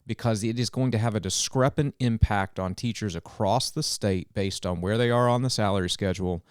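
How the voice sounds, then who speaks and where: A man, a governmental affairs director explaining policy in an earnest, animated podcast chat. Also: on the low side, clear, resonant tone, no echo, clean studio sound. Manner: earnest, detailed and animated, with quick restarts.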